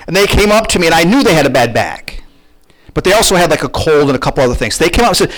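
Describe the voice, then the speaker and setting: Animated high-voiced male preacher. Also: fast, rough recording. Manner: animated, conversational preaching with questions to the congregation. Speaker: pastor. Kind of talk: sermon.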